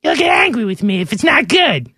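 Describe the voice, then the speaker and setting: A man doing a whiny high-pitched wife. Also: big pitch swings, brisk, sharp tone, breathy edge, no room sound, clean studio sound, exaggerated voice. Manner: high whiny plaintive falsetto. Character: nagging wife, middle-aged woman, always feels yelled at. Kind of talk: radio talk show bit.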